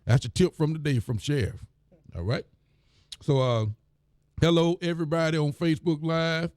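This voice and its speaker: A man's voice: a little high, normal speed, darkish tone, dry recording, clean studio sound. A man, a county sheriff, reading the week's reports and talking in a plain, folksy way on a live stream. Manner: plain, folksy, repeats phrases.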